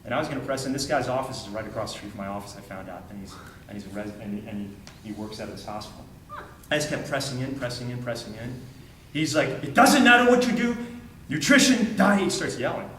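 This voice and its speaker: Heard from a distance in a roomy space with faint ambience and slight background noise, a man with a fairly low voice gives a quick-paced training talk. He tells a story to the group emphatically, acting out dialogue and repeating phrases for effect.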